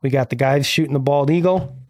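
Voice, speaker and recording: A man's voice: medium pitch, brisk, darkish tone, dry recording, studio quality. A man hosting a casual podcast, reading news stories and ranting about them with sarcasm. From Illinois. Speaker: podcast host.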